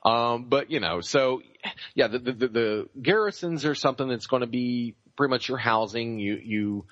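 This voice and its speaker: A man's voice: medium pitch, moderate pace, a bit bright, dry recording. A man co-hosting a casual gaming podcast, rambling with lots of fillers and casual swearing. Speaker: podcast co-host. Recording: dull lo-fi dry mic.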